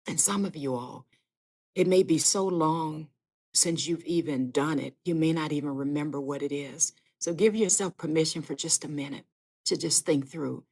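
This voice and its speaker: Earnest woman preaching to listeners, lowish voice. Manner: earnest, speaks straight to listeners with repeated phrases. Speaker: podcast host and faith speaker. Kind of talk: live-streamed inspirational sermon.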